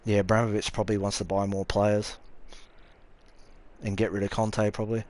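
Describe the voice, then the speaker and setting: A man's voice: fairly low pitch, flat delivery, moderate pace, darkish tone. A young Australian man streaming a game live, chatting offhandedly with his viewers, swearing freely, and answering chat comments as they come in. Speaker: gaming streamer.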